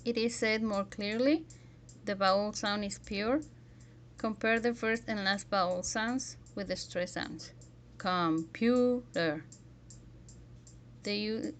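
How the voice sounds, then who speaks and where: A woman's voice: mid-range voice, slight background noise. A woman teaching a pronunciation lesson, carefully modelling example words one by one.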